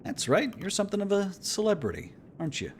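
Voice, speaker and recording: A man's voice: high-pitched, wildly swooping pitch, fast talker, slight background noise, pitched above the performer's own voice. A man voicing a polite young male ship's officer who speaks courteously and with mild curiosity.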